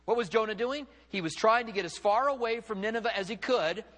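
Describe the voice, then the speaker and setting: Male pastor preaching, high bright voice, big dramatic swings, echo off a big church hall. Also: fairly quick. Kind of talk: sermon. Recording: long hall reverb.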